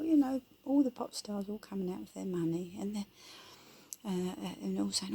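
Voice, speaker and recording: Gravelly-voiced woman, blunt. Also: mid-range voice, normal speed, warm tone. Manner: blunt, colloquial, rambling. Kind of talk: casual opinion monologue.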